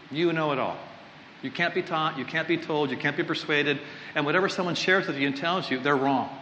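A man's voice: on the high side, bright, forceful tone, slight background noise. A man preaching a sermon to a live audience, talking casually with joking asides and frequent restarts. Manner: conversational, rambling, self-interrupting. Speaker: pastor. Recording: echoey hall, slightly dull sound.

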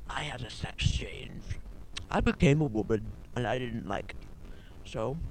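A man's voice: medium pitch, creaky, darkish tone, a little hiss or hum, rough recording. A man doing a goofy mock-British character. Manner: crude, rambling, goofy. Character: silly self-styled British man character.

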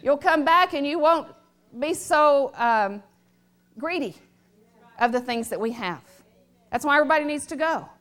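A woman's voice: high-pitched, expressive, normal speed, pauses often, fairly bright tone. A middle-aged woman preaching a sermon, emphatic and repetitive, calling on the congregation to respond.

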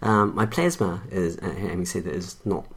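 A man's voice: low voice, fairly even intonation, moderate pace, gravelly, fairly bright tone, breathy edge. A man co-hosting a casual tech podcast. He chats and teases, often stumbling over his words and restarting. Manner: chatty, stumbling restarts, teasing. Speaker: podcast co-host.

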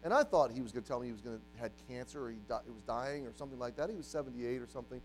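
A man preaching a sermon to a congregation, telling a story and moving from quiet, hushed passages to loud, emphatic ones. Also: medium pitch, racing, soft background music, rough recording. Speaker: pastor. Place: church.

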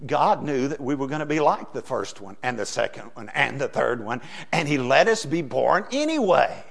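A middle-aged man preaching a sermon as pastor, folksy, swinging from hushed asides to loud emphasis. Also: medium pitch, animated, normal speed, gravelly.

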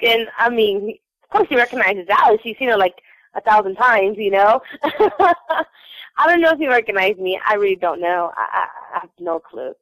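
A woman's voice: on the high side, no echo, low-quality recording. A young woman from Houston telling a bubbly, giggly fan story, full of fillers. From Houston, Texas. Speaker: fan recounting a trip. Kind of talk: casual chat.

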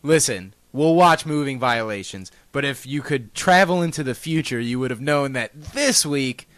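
A man's voice: mid-range voice, expressive, normal speed, fairly bright tone, dry recording. A young adult man co-hosting a podcast, chatting casually with crude jokes and lots of filler words. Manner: crude joking, frequent "like" fillers. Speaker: podcast co-host. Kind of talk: casual banter.

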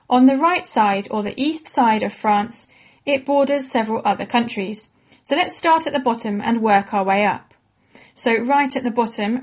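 A woman explains things to young listeners in a clear, encouraging teacher's manner. Her voice sits a little higher than most. She reads a script at an even, unhurried pace. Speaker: presenter of a children's educational podcast. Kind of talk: scripted educational narration for children.

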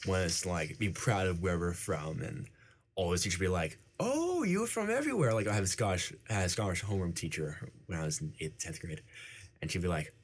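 Low husky young man, rambling. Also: fairly even intonation, brisk. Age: young adult. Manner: rambling, many "like" fillers. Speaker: university student interviewee. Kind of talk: casual interview answers.

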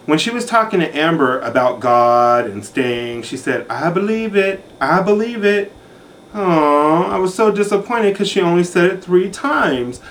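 A man dishes out a catty, campy recap of a reality show, full of sarcasm. His slightly high voice swoops up and down. A faint hiss sits under the recording. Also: animated, moderate pace, few pauses, fairly bright tone. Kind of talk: sassy recap commentary.

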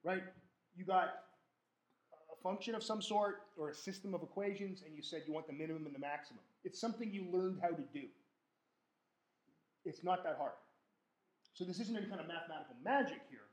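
A man with a high voice lectures a statistics class briskly but with long pauses, recorded in an echoey lecture hall. He keeps things informal and jokey, often restarting and correcting himself.

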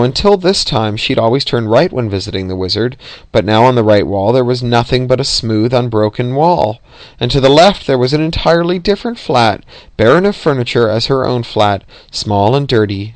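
A man reading a novel aloud as narrator, steady and even, with occasional slips. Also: mid-range voice, moderate pace, no room sound.

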